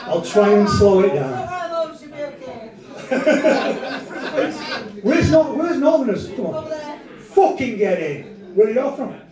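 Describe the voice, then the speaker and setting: A sweary Northern English comedian working the crowd in a live set. His voice sits high and swings widely in pitch. It is picked up from some way off in an echoey room, with audience laughter around it. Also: sing-song, slow pace, long pauses, far from the mic. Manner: brash, sweary banter with the audience. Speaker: stand-up comedian.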